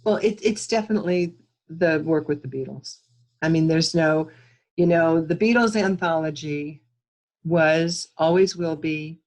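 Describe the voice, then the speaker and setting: A woman's voice: sits low, measured pace, poor audio. Emphatic woman guest on a video call. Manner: warm, emphatic, with frequent restarts. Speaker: producer, interview guest. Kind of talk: casual interview storytelling.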